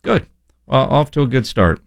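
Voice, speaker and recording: A man's voice: medium pitch, big pitch swings, gravelly, no echo. Radio guy rambling about sports and tickets, dry studio mic, laid-back. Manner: rambling, chatty, quick asides. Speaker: radio show co-host. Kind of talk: casual sports talk radio chat.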